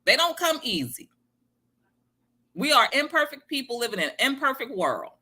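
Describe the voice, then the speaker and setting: A woman's voice: high voice, sing-song, moderate pace, pushed and bright, husky. A woman giving a casual motivational talk, emphatic and repeating her key phrases to viewers. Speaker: motivational speaker.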